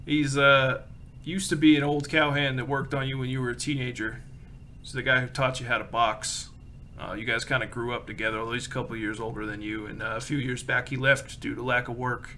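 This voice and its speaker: A man's voice: mid-range voice, level tone, a little fast, pushed and bright, slight background noise. A man narrating a tabletop game as game master, casual and full of fillers.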